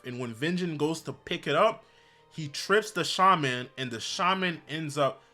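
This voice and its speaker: Bright-voiced man recapping a comic chapter. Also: fairly high pitch. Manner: animated, slangy storytelling, frequent "bro" and "basically". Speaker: manhwa recap YouTuber.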